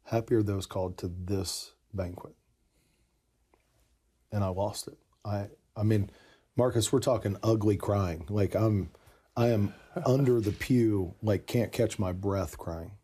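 A man's voice: on the low side, dark tone. A man in casual conversation, earnestly telling a personal story with lots of "you know" asides. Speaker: podcast guest telling his conversion story.

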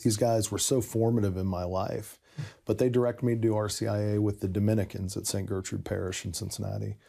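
A man with a low, dark, gravelly voice tells his own story in a relaxed interview. He talks in loose bursts and restarts himself often. His manner is animated and conversational. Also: fairly quick. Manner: animated, self-interrupting, many "you know" asides.

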